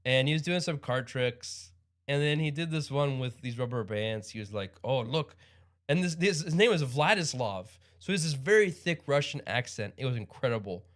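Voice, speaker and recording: A man's voice: mid-range voice, lively intonation, normal speed, fairly bright tone. A man hosting a livestream in casual chat, rambling and upbeat with frequent chuckles. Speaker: livestream host.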